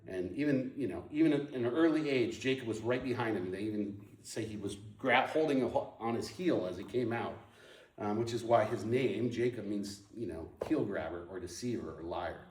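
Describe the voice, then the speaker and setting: A man tells a personal story to a group, chatty and full of restarts and filler words. His voice sits at an average pitch and carries a roomy echo, picked up from some distance away from the mic. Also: normal speed. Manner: storytelling, animated, lots of ums and restarts. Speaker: speaker sharing his testimony. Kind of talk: personal testimony talk. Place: moved to Portland in the nineties.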